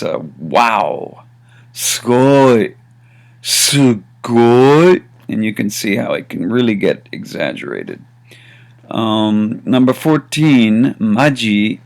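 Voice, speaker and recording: Slow gravelly man teaching phrases. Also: on the low side, a little mellow. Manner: slow and deliberate, demonstrating phrases with varied intonation. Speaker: language teacher. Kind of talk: casual spoken lesson.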